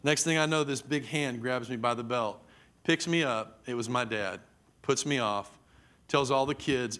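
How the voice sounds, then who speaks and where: Preacher, middle-aged man, sermon storytelling, mid pitch, dramatic delivery. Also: moderate pace, a bit bright. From Texas. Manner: vivid, dramatic storytelling with acted-out quotes.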